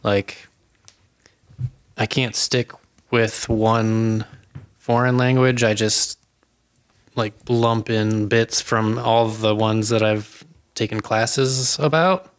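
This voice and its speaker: A man co-hosting a podcast, laid-back, giving dry short replies and telling his own stories calmly. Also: lowish voice, slow. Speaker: podcast co-host. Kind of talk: casual chat.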